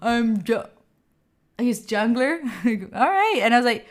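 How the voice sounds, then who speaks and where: A young woman from Italy with an Italian accent, chatting casually with her livestream viewers. She is animated, laughs often and reads chat messages aloud. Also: a little high, moderate pace. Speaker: streamer.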